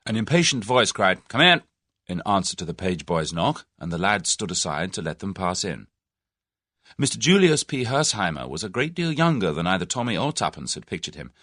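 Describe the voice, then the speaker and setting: A man narrating an audiobook with expressive storytelling. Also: sits low, a little fast, no room sound, clean studio sound. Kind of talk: scripted narration.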